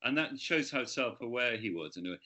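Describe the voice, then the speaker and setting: A man's voice: mid-range voice, expressive, a little fast, sharp tone. A man, an author, talking about his book in an interview, hesitant with many restarts.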